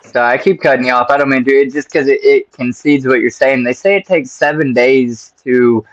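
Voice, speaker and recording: A man's voice: medium pitch, normal speed, lo-fi sound. A man hosting a casual interview, rambling and swearing, calling his guest "bro". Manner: rambling, profane, keeps saying "bro". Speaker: podcast host.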